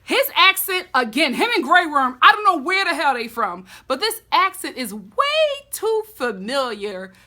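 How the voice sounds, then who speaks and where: A woman giving a casual, expressive TV episode recap as a vlogger. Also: high voice, a little slow, hardly any pauses. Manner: expressive, animated storytelling.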